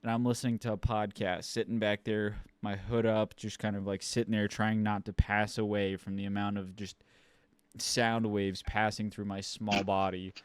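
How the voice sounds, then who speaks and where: This young man from Ohio has a smooth, resonant voice and tells a story with plenty of swearing and exasperation. He is recorded close and dry, with no room sound. The talk is a casual podcast chat. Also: lowish voice, normal speed, no echo. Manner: swears a lot, animated and exasperated. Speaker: podcast co-host.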